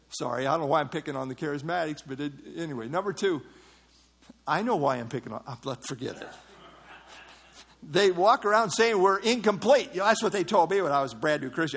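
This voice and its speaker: A man with a notably high speaking voice preaches a sermon. He explains his text word by word, pausing on "uh" fillers. He breaks off into mocking asides. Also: lively intonation, a bit bright, breathy edge. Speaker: pastor. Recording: evening service.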